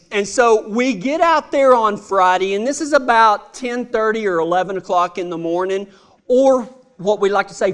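A man's voice: sits high, fairly bright tone. A man telling a humorous personal story in a folksy, drawling way. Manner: folksy, drawling, self-amused.

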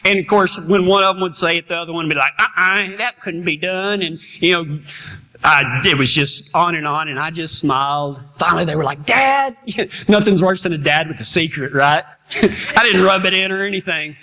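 Male preacher, middle-aged, folksy laughing storyteller, high and bright voice. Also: normal speed. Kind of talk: storytelling sermon.

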